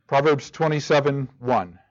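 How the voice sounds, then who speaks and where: Man, Bible study teacher, halting delivery, repeated questions, muffled recording. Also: mid-range voice. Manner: halting, repeats and restarts words, asks rhetorical questions. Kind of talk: teaching a church study group. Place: room with a group of listeners.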